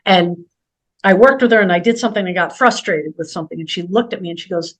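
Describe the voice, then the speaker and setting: A talkative middle-aged woman with a slightly low voice, telling stories in a relaxed interview. She laughs easily and rambles from one anecdote to the next. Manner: chatty, storytelling, quick to laugh. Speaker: guest spiritual healer. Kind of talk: casual interview conversation.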